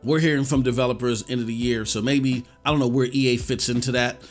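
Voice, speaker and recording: A man co-hosting a casual podcast chat, telling stories with lots of animation and swinging between loud bursts and quiet asides. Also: mid-range voice, steady tone, fast, soft background music. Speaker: podcast co-host.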